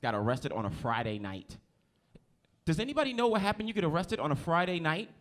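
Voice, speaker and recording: A man's voice: on the high side, big pitch swings, a little fast. A man from New Jersey doing a stand-up comedy set on a club stage, talking loosely and teasing the audience. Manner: loose, conversational, teases the crowd.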